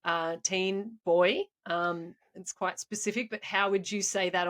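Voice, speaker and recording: A woman's voice: mid-range voice, unhurried. Chatty woman teacher. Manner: chatty, animated storyteller, laughs often. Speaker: podcast co-host and schoolteacher. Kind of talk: casual chat.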